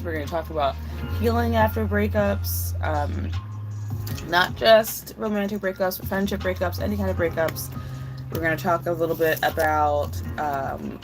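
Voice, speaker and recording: A young woman hosting a casual live stream, chatting and gushing as she answers viewers' messages. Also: lowish voice. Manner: gushing and chatty, reads and answers chat aloud. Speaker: livestream host. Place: home desk. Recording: music playing behind the voice.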